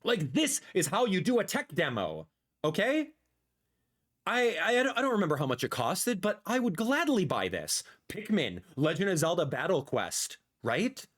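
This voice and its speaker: Animated man ranting on a stream. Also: sits high, normal speed. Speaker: gaming content creator. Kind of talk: livestream reaction commentary.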